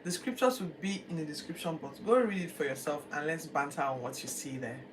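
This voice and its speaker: Woman host, chatty bible retelling, lowish voice, distant mic. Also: brisk, music in the background. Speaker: podcast host. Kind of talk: casual Bible reading and retelling. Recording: distant mic, faint background noise.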